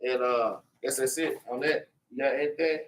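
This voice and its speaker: A man's voice: medium pitch, fairly even intonation, normal speed, distant mic, slight background noise. A man teaching an informal Bible class, preachy and repetitive, tagging his lines with "man" and "okay".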